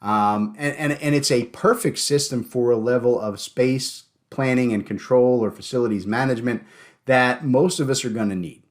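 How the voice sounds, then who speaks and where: A man hosting a podcast in casual chat, joking and animated, often stumbling and repeating words. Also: medium pitch, moderate pace. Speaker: podcast host.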